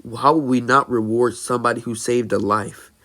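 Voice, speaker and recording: A man voicing a loud, cheerful adult male hero mentor in a fan-made story, speaking with halting, theatrical emphasis. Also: medium pitch, steady tone, close to an everyday voice. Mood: booming.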